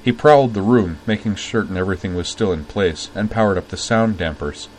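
A man narrating a story aloud at a measured, steady pace. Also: deep voice, slight background noise, low-quality recording.

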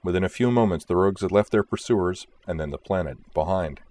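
Deep-voiced man narrating an audiobook. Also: fairly quick, a little mellow.

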